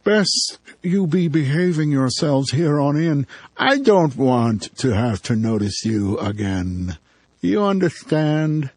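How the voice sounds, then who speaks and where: A man voicing a bossy, threatening small-town male cop in an audiobook, slow and condescending with a husky voice. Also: fairly high pitch, very animated, a little mellow, no room sound, voice pushed up, heavily acted. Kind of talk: audiobook character voice.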